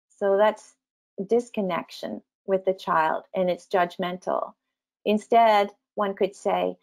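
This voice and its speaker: A woman with a mid-range voice talks parents through slides in an online presentation. She is gentle and explanatory, pausing often with small ums. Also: medium pitch, steady tone. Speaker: teacher trainer speaking to parents.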